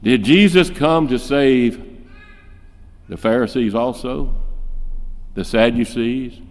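A man's voice: mid-range voice, slow pace. A man preaching a sermon, driving his points home with rhetorical questions and acting out the voices he quotes. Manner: emphatic, fires off rhetorical questions; acts out quoted speech in shifting voices. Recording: long reverb in a large hall.

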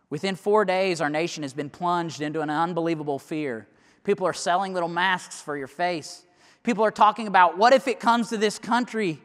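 A man telling a sermon illustration as a dramatic story, going from loud urgency to hushed near-whispers. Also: high-pitched, fairly quick. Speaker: preacher. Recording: long reverb of a large hall.

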